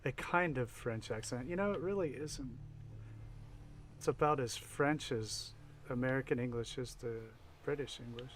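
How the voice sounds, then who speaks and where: A man's voice: mid-range voice, normal speed, fairly bright tone, a little hiss or hum. A man livestreaming a building game, chatting casually and wryly teasing his viewers as he plays. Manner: wry, teasing chat, frequent laughs. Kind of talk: casual gameplay chat with viewers.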